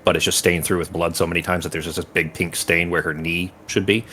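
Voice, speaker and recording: A man's voice: low voice, flat delivery, quick pace, bright, forceful tone, a little hiss or hum. A man running a tabletop game as game master, rambling and searching for words while he describes scenes in vivid detail.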